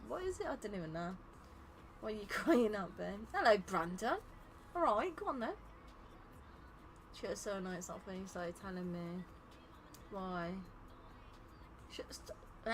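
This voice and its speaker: A streamer running custom game lobbies, a young English woman, talks in a mid-range voice with slight background noise. She reads chat aloud, teases viewers and laughs often in casual conversation, sounding tired throughout.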